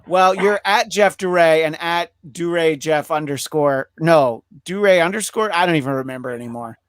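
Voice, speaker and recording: A man hosts a podcast in a loose, rambling way, cracking jokes and restarting his sentences. His voice sits a bit high, and the sound is dry and close with no room to it. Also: normal speed, fairly bright tone, clear, resonant tone, dry recording. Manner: rambling, jokey, many restarts and fillers. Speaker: podcast host. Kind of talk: casual chat, wrapping up a live show.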